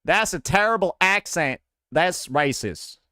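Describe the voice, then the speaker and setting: Lively, chatty male streamer. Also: on the high side, moderate pace, smooth, dry recording, clean studio sound. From American South. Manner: loose and chatty, repeats himself. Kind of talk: casual live-stream chat.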